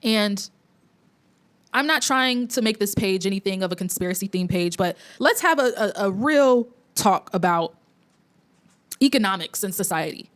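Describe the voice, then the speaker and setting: A woman's voice: medium pitch, expressive, moderate pace. A young woman hosting an opinion commentary vlog, talking in a preachy, blunt way with lots of fillers and restarts. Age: young adult. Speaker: commentary host.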